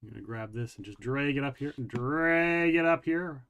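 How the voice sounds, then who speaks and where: A man's voice: mid-range voice, moderate pace, fairly bright tone, smooth. A man hosting a casual chat, laid-back and joking as he reads out a list and greets viewers. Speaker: host.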